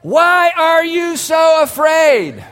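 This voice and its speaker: A man voicing a calm teacher who shouts over a storm with a teasing grin. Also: very high-pitched, extremely slow, voice pushed up, exaggerated voice. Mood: amused shouting. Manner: loud, grinning, teasing. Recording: long hall reverb.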